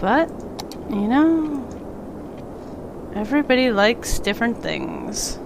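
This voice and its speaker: Her voice a little high with lively intonation, a stuffy, congested woman speaks slowly over background noise during a live stream. While building a city in a game, she rambles casually and talks back to the game and a pet.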